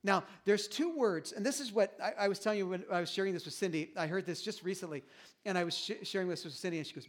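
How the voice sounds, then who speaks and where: A middle-aged male pastor preaching a sermon in a conversational, animated way, with many restarts. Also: high-pitched, fast talker.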